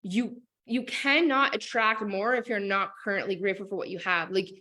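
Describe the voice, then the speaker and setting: Woman, motivational coach, casual chat, animated, lots of fillers, mid-pitched voice. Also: moderate pace. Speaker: business and manifestation coach.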